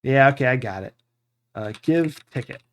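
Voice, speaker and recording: A man's voice: mid-range voice, expressive, moderate pace. Man rambling over a game playthrough. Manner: thinking aloud, rambling with fillers. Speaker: streamer. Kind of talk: live game playthrough commentary.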